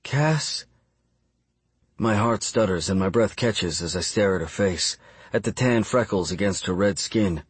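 A man reading a first-person audiobook narration in a measured, even storytelling delivery. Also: deep voice, husky, no echo.

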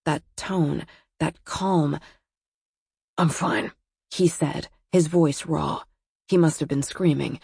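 Woman reading a novel slowly, low breathy voice, dry close sound. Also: warm tone, dry recording. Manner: measured, unhurried storytelling. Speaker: audiobook narrator. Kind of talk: scripted narration.

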